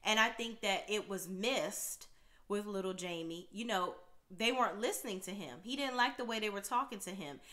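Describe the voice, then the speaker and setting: A woman's voice: medium pitch, normal speed, pushed and bright. A woman hosting a casual reality TV recap, talking in a chatty way and often tagging her points with "okay?". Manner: talkative, punctuates points with "okay?".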